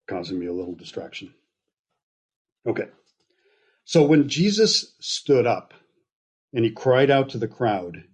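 A man with a somewhat husky, middle-range voice teaches from scripture. He talks in a loose, conversational way, pausing to check in with his listeners and drifting into everyday examples. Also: medium pitch. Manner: relaxed, explaining with frequent okays and asides. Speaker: Bible teacher.

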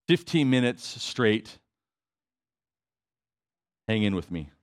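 A man's voice: lowish voice, sing-song, takes it slowly. A man preaching a sermon to his congregation, conversational with emphatic repetition and asides. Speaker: pastor.

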